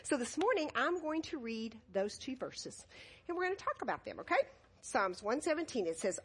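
High-voiced woman leading a children's message. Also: quick pace, husky. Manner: animated, laughing, coaxing questions. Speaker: children's sermon leader. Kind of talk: children's message with call and response. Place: church sanctuary.

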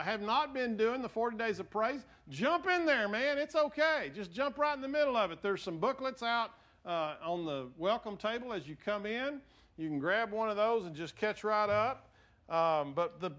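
A male pastor speaks to his church congregation in a folksy, joking, conversational way. His voice sits high for a man, and he talks in loose phrases full of fillers. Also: fairly bright tone. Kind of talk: sermon. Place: church sanctuary.

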